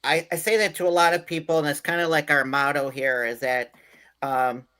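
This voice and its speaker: A man's voice: on the high side, fairly even intonation, normal speed, bright, forceful tone, clean tone. A male host steering a casual chat, reacting with short "wow"s and handing off to his co-hosts.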